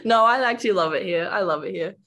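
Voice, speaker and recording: A woman's voice: fairly low pitch, quick pace, sharp tone. A young Australian woman in her twenties, a college basketball player chatting casually in an interview, laughing often and filling her talk with "like".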